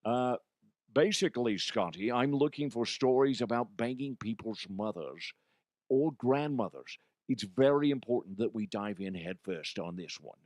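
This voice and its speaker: A man voicing a suave, lecherous gentleman who speaks slowly and deadpan. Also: medium pitch, no room sound, voice pushed down, close to an everyday voice. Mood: smug.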